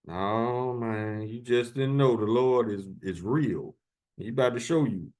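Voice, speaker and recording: A man's voice: medium pitch, measured pace, darkish tone. A man preaching fiery sermons, reading verses aloud in solemn tones and then taunting his enemies with profanity.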